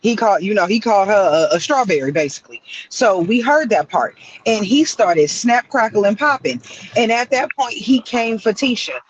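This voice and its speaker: A woman's voice: mid-range voice, lively intonation, normal speed, lo-fi sound, slight background noise. A woman joining a live stream from her car in a drive-through line, giving blunt, profane opinions. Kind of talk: casual opinionated chat.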